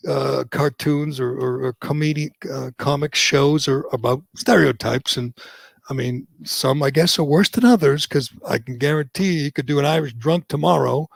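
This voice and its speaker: A male talk radio host speaks with a gravelly, creaky edge, close and dry with no room sound. He talks sarcastically and opinionatedly, stumbling over fillers as he goes. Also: a little high, moderate pace, no room sound. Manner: sarcastic, hesitant with many fillers.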